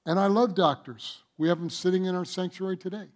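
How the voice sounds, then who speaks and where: A man preaching a sermon as pastor, emphatic, swinging between loud declarations and quiet asides. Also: high voice, steady tone, fairly quick.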